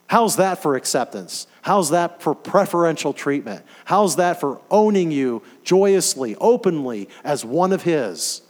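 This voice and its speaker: A man delivering a sermon in a fairly high voice that swings widely in pitch. He preaches with emphatic, animated conviction and keeps asking his congregation questions. The sound carries a long hall reverb. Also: a little slow, hardly any pauses.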